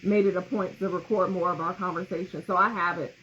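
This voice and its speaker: Talking fast in a lowish, fairly bright voice with a steady tone, a woman co-hosts a grief podcast. She shares candidly and emotionally, laughs often, and reads comments aloud over slightly muffled audio with faint noise.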